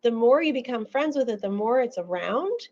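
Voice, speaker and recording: Woman, audiologist, seminar talk, animated storytelling, fairly high voice, dull lo-fi sound. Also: normal speed. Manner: animated storytelling with acted-out quotes.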